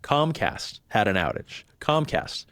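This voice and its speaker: A man in his thirties sits as a podcast guest and tells a long personal story in an easy, conversational way. His voice sits on the low side, and he slips into other people's voices when he quotes them. The sound is dry and close, with no room around it. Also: a little fast, no echo. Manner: animated, acts out quoted voices. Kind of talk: storytelling in casual chat.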